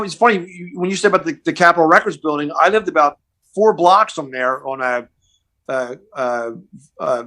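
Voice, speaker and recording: A man with a Philadelphia accent, a comedian on a casual podcast, telling relaxed stories that often trail off and restart. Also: on the high side.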